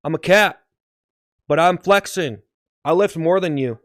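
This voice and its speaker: A man voicing a cocky, muscular male cat at the gym who brags loudly and meows in an improvised sketch. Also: on the high side, measured pace, no room sound, studio quality, natural voice. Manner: loud, bragging, meowing.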